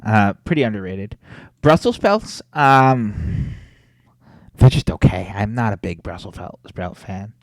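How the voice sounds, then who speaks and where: A young man chats casually on a podcast, animated and opinionated and quick to swear. His voice sits a little low. The close mic gives a dry sound with no room echo. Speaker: podcast co-host. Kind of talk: casual chat.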